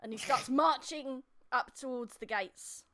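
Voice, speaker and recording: High-voiced woman running a tabletop game. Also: measured pace, pushed and bright. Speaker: dungeon master.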